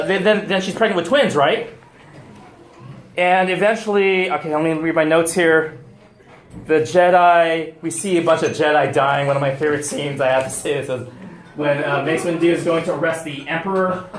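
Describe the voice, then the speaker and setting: A man gives an animated talk in a restaurant room, his voice a touch high and booming off the walls. He gets loud and excited, then stumbles through fillers and restarts. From United States. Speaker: deacon giving a talk. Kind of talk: lively public talk. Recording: echoey room.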